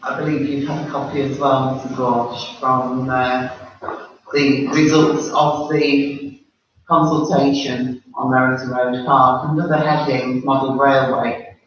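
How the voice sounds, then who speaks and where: A man's voice: medium pitch, measured pace. A man, a councillor, firmly reading a document aloud at a council meeting. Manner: firm, reads out in a steady, formal way. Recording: echoey room, far from the mic, dull sound, faint noise.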